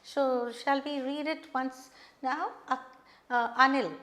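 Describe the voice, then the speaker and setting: Woman, Indian English accent, English teacher, high voice, unhurried, demonstrates intonation. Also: fairly bright tone. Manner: slow and patient, stresses rising and falling tones to demonstrate intonation. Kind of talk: classroom lesson, reading dialogue aloud.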